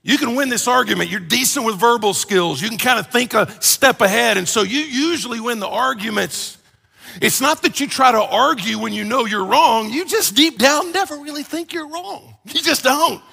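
A man preaching a conversational sermon as pastor, animated and joking, acting out everyday complaints. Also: very high-pitched, moderate pace, creaky, breathy edge, long reverb tail.

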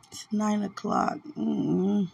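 A drowsy woman speaks in a slow, unhurried drawl, her voice husky and gravelly with fry. She talks softly and affectionately in a casual, faith-filled chat, often trailing into quiet murmurs. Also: medium pitch, no echo, muffled recording. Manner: soft, drowsy and affectionate, with frequent laughs. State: sleepy. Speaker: podcast host.

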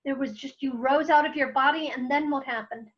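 A sympathetic woman interviewer with a high voice, gently prompting her guest with short questions. Her sound is slightly dull and lo-fi. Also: steady tone, fairly quick.

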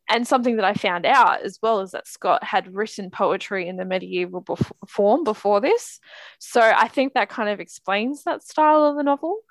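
A woman in an easy, rambling chat about a novel she found heavy going. Her sentences wander with frequent fillers and restarts. Her voice sits at a middling pitch, recorded close and dry. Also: fairly bright tone, no room sound. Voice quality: chatty, many fillers and "like". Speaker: podcast co-host discussing books. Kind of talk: casual book chat.

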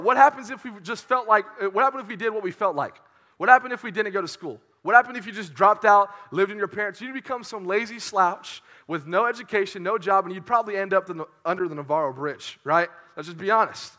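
A man's voice: sits high, fairly quick, pushed and bright. A young man preaching a casual, joking sermon to a youth group. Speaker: youth pastor.

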